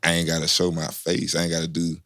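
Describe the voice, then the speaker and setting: A man's voice: low-pitched, completely flat delivery, fast, fairly bright tone, no room sound, clean studio sound. A man hosting a podcast, trading loose, slang-heavy banter and laughing often in casual chat.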